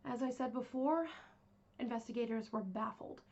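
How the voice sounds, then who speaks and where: A woman's voice: fairly high pitch, moderate pace, warm tone, lo-fi sound. A woman hosting a true crime podcast, telling the story in a casual, rambling way with lots of fillers. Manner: rambling, chatty, with many fillers.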